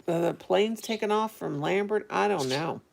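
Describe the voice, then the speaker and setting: A middle-aged woman chats on and on to her live-stream viewers, reading their comments aloud. Her voice is quite low and full of vocal fry. Faint birdsong sits behind her. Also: moderate pace, a little hiss or hum. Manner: rambling, chatty, talks to viewers. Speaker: vlogger reading live chat. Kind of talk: casual live-stream chat.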